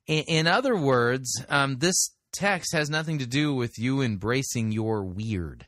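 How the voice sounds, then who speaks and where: A man's voice: medium pitch, unhurried, few pauses, fairly bright tone, no room sound. Guy hosting a sermon-review show, reads scripture then picks it apart, dry sound, mid voice. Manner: corrective, reads scripture aloud. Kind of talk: critical commentary with scripture reading.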